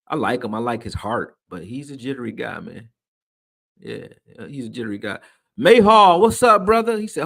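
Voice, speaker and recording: A man hosting a live stream, chatting casually with viewers and reading their comments aloud in a loose, slangy way, swearing freely and getting loud when he is worked up. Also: medium pitch.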